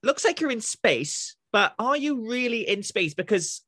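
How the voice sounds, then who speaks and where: A man from southern England hosting a podcast interview, excitable and quick to laugh. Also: very high-pitched, husky, dry recording, clean studio sound. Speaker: podcast host.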